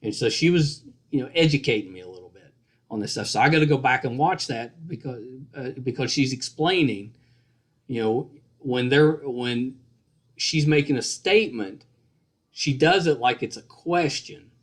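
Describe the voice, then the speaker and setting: A man's voice: mid-range voice, expressive, moderate pace. Jokey rambling male podcast host. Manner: jokey, rambling, restarts and self-deprecating asides. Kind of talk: casual interview chat.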